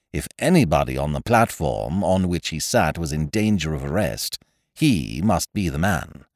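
A man narrating a story in an expressive, animated reading on a close microphone. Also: low voice, no room sound. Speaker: podcast narrator.

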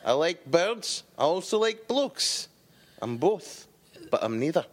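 A man's voice: fairly high pitch, sing-song, slow, slightly rough, heavily acted. A man doing a teasing Scottish voice as his Glaswegian cousin, laughing as he jokes. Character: cheeky Glaswegian man, Friends-loving cousin.

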